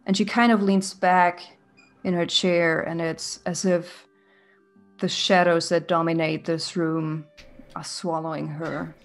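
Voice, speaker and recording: Slow, atmospheric woman game master. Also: fairly low pitch, level tone, creaky, faint music behind. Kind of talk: narrating a tabletop game.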